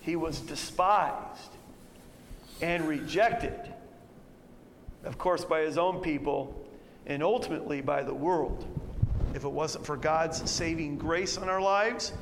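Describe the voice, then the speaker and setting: Man preaching, reads verses loudly then drops to a hush, slightly high voice, faint background hum. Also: normal speed, creaky, big-room sound. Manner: animated, rising loud when quoting verses, dropping low to reflect. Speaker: pastor. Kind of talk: expository sermon reading scripture. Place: church sanctuary.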